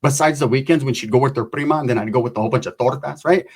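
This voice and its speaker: A man's voice: fairly high pitch, rapid-fire, few pauses. A middle-aged man, telling a loose, profane story with slang and constant asides. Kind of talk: casual storytelling.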